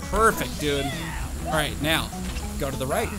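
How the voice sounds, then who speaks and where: A man's voice: a little high, lively intonation, unhurried, poor audio. A young man hosting a gaming channel, talking to himself through his gameplay in casual commentary, swinging between groans and cheers. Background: game music.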